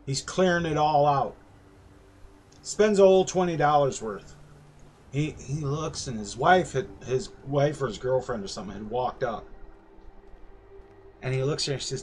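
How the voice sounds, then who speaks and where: A man with a fairly high voice, accompanied by a little hiss or hum, spins a lengthy tale on a game stream about his days running a carnival dart booth. He gets animated, voicing the customers loudly as he goes.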